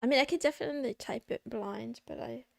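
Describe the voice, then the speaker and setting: A woman's voice: on the high side, fast talker, gravelly, no echo, studio quality. A woman streaming from her desk at home, chatting casually and playfully and teasing her chat. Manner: playful, teasing chat, meowing between remarks.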